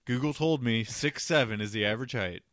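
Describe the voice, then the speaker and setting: Wry, bright-voiced man co-hosting a podcast. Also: medium pitch, brisk, dry recording. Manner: wry, laid-back, chuckling. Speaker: podcast co-host. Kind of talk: casual podcast banter.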